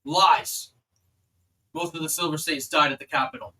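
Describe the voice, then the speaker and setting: A man's voice: on the high side, a little fast, bright, forceful tone, low-quality recording. A man voicing a stern, commanding male elven wall guard in a tabletop game. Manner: barking orders.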